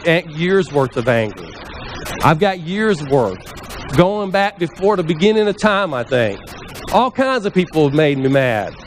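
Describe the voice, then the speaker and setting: A man with a slightly high voice giving a relaxed, conversational sermon in a church sanctuary. He keeps turning to the congregation with questions and slips into the voices of the people he quotes. A soft hum of the room sits behind him. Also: unhurried. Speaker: pastor.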